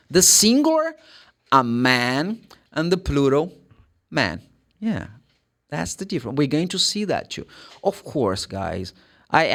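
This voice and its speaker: Man, Brazilian Portuguese accent, 30s, English pronunciation teacher, casual lesson, animated, keeps repeating sounds. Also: medium pitch.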